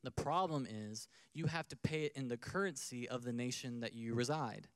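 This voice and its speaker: Guy preaching a sermon, chatty, acts out bits, smooth clear voice, dry close sound. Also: medium pitch, normal speed, no room sound. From United States. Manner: conversational preaching, acts out little scenes. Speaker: pastor.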